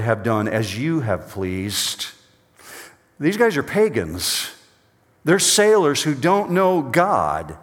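A man preaching a sermon, reading scripture aloud with dramatic swings between loud urgent passages and quiet low asides. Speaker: pastor. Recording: long hall reverb.

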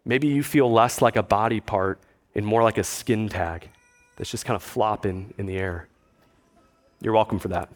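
A man's voice: fairly low pitch, moderate pace. A man pastor preaching a conversational sermon, with dry asides and quotes he acts out.

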